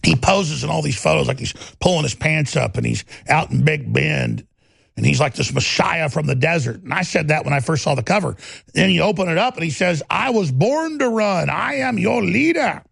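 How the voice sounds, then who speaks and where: A man's voice: on the high side, a little fast, a bit bright, no room sound. A man delivering a combative, sarcastic political commentary monologue as a talk show host. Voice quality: gravelly.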